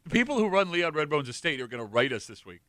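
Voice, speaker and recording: A man hosting a radio show, joking and bantering in a casual, animated way. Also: a little high, no echo, studio quality. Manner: animated, joking, quick to laugh. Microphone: studio microphone.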